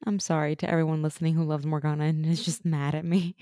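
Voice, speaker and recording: A woman's voice: low voice, little pitch movement, fast, warm tone, dry recording, studio quality. A woman co-hosting a casual podcast, talking through a TV episode with strong opinions, frequent laughs and the odd swear word. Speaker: podcast co-host. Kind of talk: casual rewatch chat.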